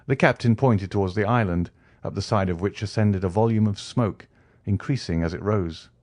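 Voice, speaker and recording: A man narrating an audiobook of a classic novel in a measured, even storytelling manner. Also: lowish voice, no room sound, clean studio sound. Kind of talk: scripted narration.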